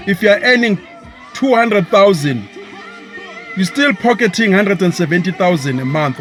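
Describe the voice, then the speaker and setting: A South African man with a notably high voice rants with scorn and heat, switching between English and isiZulu. Faint music plays softly underneath his talk. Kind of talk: political rant to camera.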